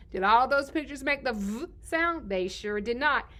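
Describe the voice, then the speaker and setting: Woman teacher, bright high voice, sing-song questions, children's letter lesson. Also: lively intonation, moderate pace, hardly any pauses. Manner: sing-song, asks questions and answers them herself.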